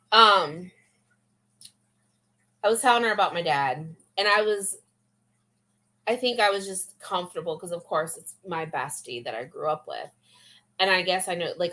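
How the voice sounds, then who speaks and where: Young woman, vlog chat, rambling and confessional, lower pitch, bright tone. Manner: rambling, confessional, full of fillers. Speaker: vlogger. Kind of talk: casual chat.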